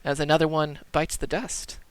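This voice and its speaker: A man's voice: a little high, level tone, moderate pace, very noisy. A man narrating as dungeon master in a casual tabletop game, talking loosely with many fillers. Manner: loose, filler-heavy descriptions.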